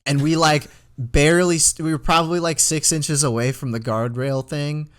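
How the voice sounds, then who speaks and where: A man's voice: a little high, normal speed, smooth. A man in his twenties, a podcast co-host, telling a long story in casual chat, with many restarts. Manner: rambling storyteller, many restarts, animated when quoting himself.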